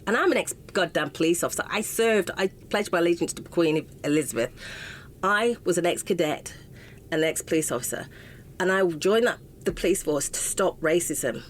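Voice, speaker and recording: A woman's voice: on the low side, expressive, moderate pace, a little hiss or hum. A middle-aged English woman, an interview guest, telling a painful personal story with raw emotion and frequent broken-off sentences. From England. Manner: raw and impassioned, often breaking off mid-sentence.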